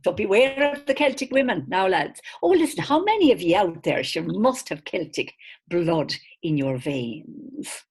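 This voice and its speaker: An older Irish woman teaching informally to an online audience, lively and quick to laugh, calling her listeners lads. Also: fairly low pitch, breathy edge. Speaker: teacher and singer of chants. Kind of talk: warm informal online talk.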